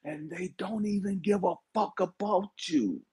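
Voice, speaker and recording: Husky high-voiced guy preaching hard, drops to whispers then yells out. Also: very animated, unhurried. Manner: swings from hushed whispers to shouted pleas. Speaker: spiritual speaker. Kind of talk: impassioned motivational preaching.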